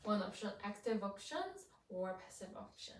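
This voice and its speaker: A woman's voice: mid-range voice, sing-song, moderate pace, far from the mic. A woman whose first language is Korean, teaching an English grammar lesson in a patient, careful way, repeating herself and stressing her example sentences. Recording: echoey room, voice off-mic.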